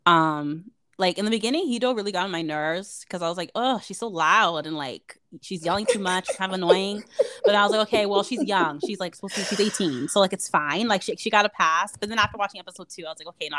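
Woman podcast co-host, lowish voice, dry close sound, casual chat that gushes and leans on "like" fillers. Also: fast talker, few pauses, pushed and bright, no room sound. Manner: chatty and gushing, heavy use of "like".

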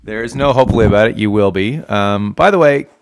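A man's voice: lowish voice, fast. Joking podcast host, a Canadian man. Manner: joking, teasing banter. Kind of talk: casual podcast chat.

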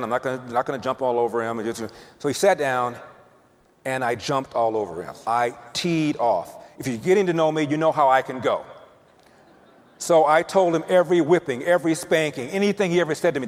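Man telling a story in a big hall. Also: on the high side. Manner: emphatic, repeats words for build-up. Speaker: speaker telling a personal story. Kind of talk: storytelling speech. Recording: long reverb of a hall.

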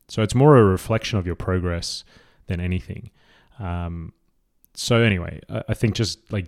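A man talking casually and explaining training and muscle growth, relaxed and conversational with frequent fillers. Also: low voice. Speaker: fitness educator.

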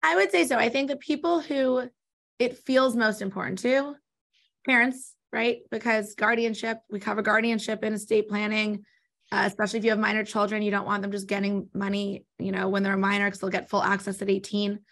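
A woman with a Californian accent, an estate planning attorney answering interview questions in a quick, explanatory way. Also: medium pitch, fairly even intonation, gravelly, fairly bright tone. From born in New York, raised in Los Angeles. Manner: talks fast, explanatory.

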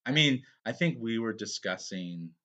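A man's voice: fairly low pitch, normal speed, lo-fi sound. A man in his thirties co-hosting a casual podcast, rambling and swearing freely. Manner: rambling, profane, animated. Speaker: podcast co-host. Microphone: podcast microphone.

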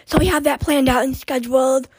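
A young woman hosting her own podcast in a rambling, chatty way full of fillers, her voice hoarse and short of breath. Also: high-pitched, steady tone, fairly quick, darkish tone, no echo, poor audio. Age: young adult. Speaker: podcast host. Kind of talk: casual solo podcast chat.

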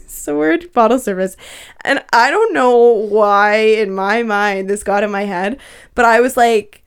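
A woman's voice: a little high, measured pace, clear, resonant tone. A young woman in her twenties telling a story in casual podcast chat, swearing a lot and laughing often. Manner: profane, laughing, animated storyteller.

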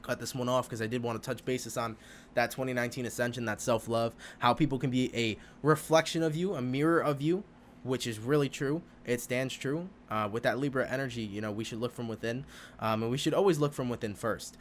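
A man's voice: medium pitch, brisk, slight background noise. Rambling, profane man hosting a podcast. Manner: rambling, profane, animated, laughs often. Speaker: podcast host. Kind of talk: casual spiritual podcast monologue.

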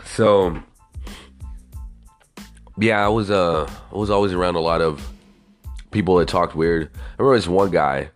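A man's voice: sits low, a little slow, long pauses, soft background music. A young man hosting a podcast, ranting casually with lots of swearing and rambling asides. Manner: profane, rambling, animated. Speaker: podcast host. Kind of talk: casual solo podcast rant.

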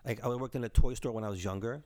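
Brief: fortyish New York man, easygoing co-host spinning stories, calls people bro, swears a little, average pitch. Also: fast. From the Bronx, New York. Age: 40s. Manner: excitable storyteller, says bro and man, mild swearing. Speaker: podcast co-host. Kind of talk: casual chat, storytelling.

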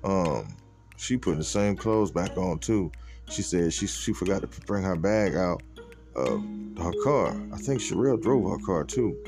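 Music runs in the background as a podcast host, a man, tells a personal story loosely and profanely, sprinkling in "you know what I'm saying" and similar fillers. He speaks unhurriedly in a low voice with lively intonation.

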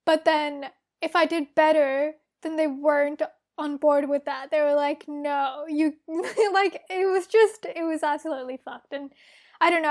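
A young woman from Australia co-hosting a podcast, chatting candidly and swearing freely. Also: sits high. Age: young adult. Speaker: podcast co-host. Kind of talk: casual chat.

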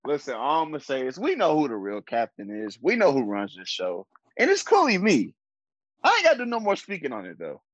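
A man's voice: on the high side, wildly swooping pitch, brisk, a bit bright, dry recording. A man co-hosting a podcast in casual banter, playful and boastful. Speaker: podcast co-host. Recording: dull lo-fi sound.

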